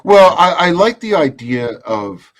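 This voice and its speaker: A man hosting a casual chat, telling a gig story in an animated way. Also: fairly high pitch, measured pace. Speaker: podcast host.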